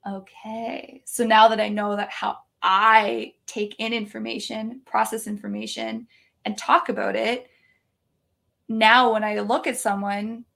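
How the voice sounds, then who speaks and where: Chatty woman with a gravelly edge. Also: medium pitch, a little slow. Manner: chatty, heavy use of "like" fillers, animated. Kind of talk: casual storytelling.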